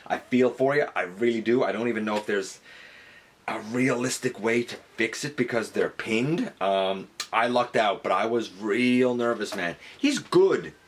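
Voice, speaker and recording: A man giving a casual product review, talking it through conversationally and jumping up in pitch on the words he stresses. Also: a bit bright. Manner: conversational, weighing pros and cons, pitch jumping up on emphasis. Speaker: toy reviewer.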